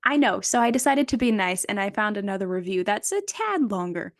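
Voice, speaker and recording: A woman's voice: mid-range voice, very animated, a little fast, no room sound, studio quality. A young woman co-hosting a podcast, talking hesitantly with lots of fillers and the odd giggle. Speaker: podcast co-host. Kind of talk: casual chat.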